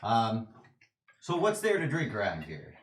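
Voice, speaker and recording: Wry, joking player; animated pitch, echoey room. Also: unhurried, slight background noise. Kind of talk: casual chat. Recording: roomy mic.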